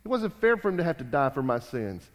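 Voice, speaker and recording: A man preaching a sermon, emphatic and repetitive, rising loud and dropping quiet. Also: mid-range voice, sing-song, fast. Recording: long hall reverb.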